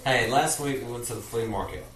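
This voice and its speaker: A man's voice: medium pitch, a little fast, a bit bright. A man in his forties co-hosting a casual fan talk, blunt and swearing freely. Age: 40s. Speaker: podcast co-host. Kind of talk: casual chat. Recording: roomy, distant from the mic.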